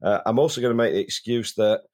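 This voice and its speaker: A man's voice: medium pitch, fast talker, a little mellow. Chatty man with a cold. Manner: chatty, repeats words while starting sentences. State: has a cold. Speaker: podcast co-host. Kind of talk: casual chat.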